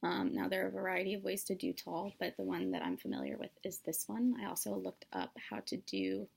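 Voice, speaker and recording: A woman's voice: mid-range voice, lively intonation, normal speed, vocal fry, darkish tone, slightly rough. A young woman explaining sign language signs in a casual solo lesson, with many fillers and self-corrections. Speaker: student demonstrating sign language.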